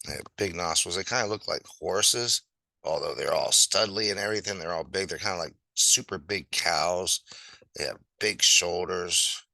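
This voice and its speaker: A man's voice: low voice, moderate pace, vocal fry, sharp tone, dry recording, rough recording. A man telling an old fable in a casual, rambling and playful way, with chatty asides as he draws. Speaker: storyteller. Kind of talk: casual fable storytelling while drawing.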